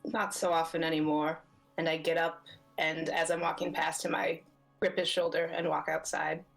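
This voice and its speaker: A woman player in a tabletop role-play game, talking in a relaxed, casual way. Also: low voice, moderate pace, vocal fry, soft background music, poor audio.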